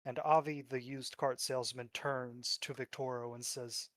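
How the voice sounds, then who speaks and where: A man narrating a tabletop role-playing game as game master in a steady, descriptive storytelling manner. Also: medium pitch, moderate pace, few pauses.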